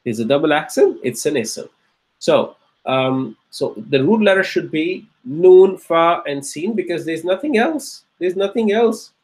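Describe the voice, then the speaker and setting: Here a man teaches Arabic grammar in class, his fairly high voice expressive and a little mellow. The recording is low quality, and he goes over every word slowly while checking in with students through questions.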